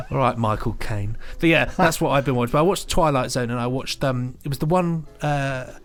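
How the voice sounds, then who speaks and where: A young podcast co-host chats casually, rambling with plenty of restarts and fillers. His voice is medium-pitched and fairly quick.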